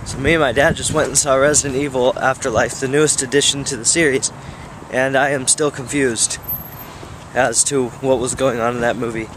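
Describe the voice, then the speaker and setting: A man's voice: mid-range voice, steady tone, fairly quick, a bit bright, slight background noise. Rambling young man vlogging on the go. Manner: rambling and offhand, with many fillers. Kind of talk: casual daily vlog. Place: out and about on a phone camera, indoors and outdoors.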